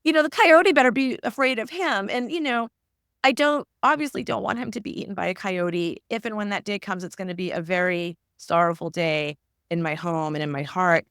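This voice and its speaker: Smooth-voiced reflective woman guest. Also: on the low side, moderate pace, a bit bright, no echo, clean studio sound. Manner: earnest and reflective, many fillers. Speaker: guest author and tarot reader. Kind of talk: casual interview conversation.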